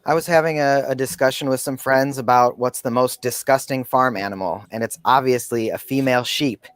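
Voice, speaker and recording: A man telling pun jokes in a comedy contest, with a mid-pitched voice and a deadpan delivery. The sound is dry and close. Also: fairly quick, clean tone, dry recording.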